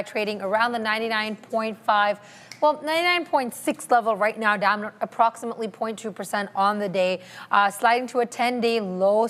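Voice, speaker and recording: A woman presenting a live currency and market news update in a brisk, scripted way, with small slips she corrects. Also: medium pitch.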